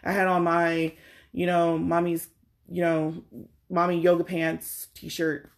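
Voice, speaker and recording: Middle-aged woman, gravelly fry in her voice, animated, exasperated storyteller who acts out the other people's lines. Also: lowish voice, takes it slowly. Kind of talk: casual storytelling chat.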